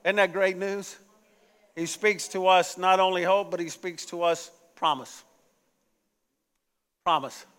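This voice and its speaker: Bright-voiced preaching pastor in a hall. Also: male voice, sits high, fairly even intonation, unhurried, pauses often, clear, resonant tone. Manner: call-and-response preaching, rising emphatic repetition. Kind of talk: sermon. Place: church sanctuary. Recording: echoey church hall.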